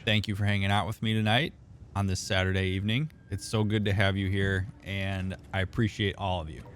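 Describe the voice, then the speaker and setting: Young male streamer, low-ish voice, relaxed and chatty, calls viewers by name. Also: fairly quick, slight background noise. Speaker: therapist streamer reading chat. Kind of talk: casual gaming stream chat.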